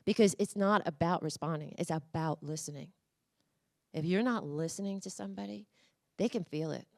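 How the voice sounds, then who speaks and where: A motivational conference speaker, a woman with a lowish voice and vocal fry, talks at a normal speed. In the conference room she speaks directly to the crowd, energetically coaxing them through voice exercises.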